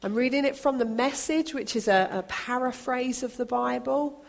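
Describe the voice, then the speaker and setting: Expressive woman reading aloud. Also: a little high, creaky. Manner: expressive, dramatic, slowing for emphasis. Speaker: speaker reading to a congregation. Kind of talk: expressive storybook reading in a church talk.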